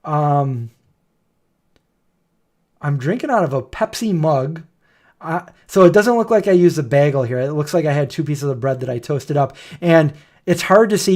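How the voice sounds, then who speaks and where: A man's voice: fairly high pitch, brisk, a little mellow. Rambling middle-aged man chatting. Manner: rambling, joking storyteller. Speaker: host. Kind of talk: casual livestream chat.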